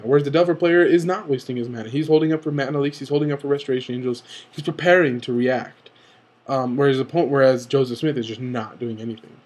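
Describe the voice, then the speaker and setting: An excitable young man with a husky voice on the high side breaks down a card game for video commentary. He's eager and rambling, tends to rush, and keeps correcting himself.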